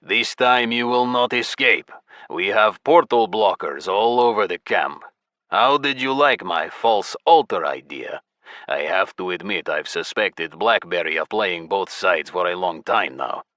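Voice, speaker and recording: A man's voice: deep voice, a little slow, pushed and bright, no room sound. A man voicing a smug, scheming male gnome clan leader who talks in a theatrical, condescending way in an audiobook.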